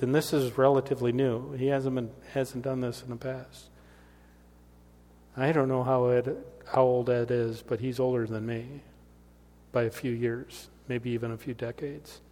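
A man's voice: medium pitch, a little mellow. A middle-aged male pastor delivering a sermon with storytelling and emphatic rises, in a church sanctuary. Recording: long reverb of a church hall.

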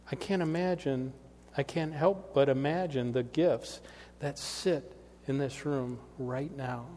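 A man's voice: medium pitch, a little mellow. A middle-aged male pastor delivering a sermon with storytelling and emphatic rises, in a church sanctuary. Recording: long reverb of a church hall.

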